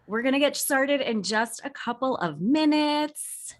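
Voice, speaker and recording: A woman hosting a video call, warmly greeting attendees by name in a bubbly way. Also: high voice, animated, measured pace. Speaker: webinar host. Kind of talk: welcoming a video call audience.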